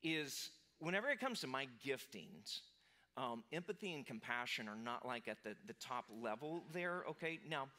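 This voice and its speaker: A man's voice: medium pitch, big pitch swings, normal speed, pushed and bright. A man in his forties, a pastor, giving a casual, self-deprecating sermon told as a personal story. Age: 40s.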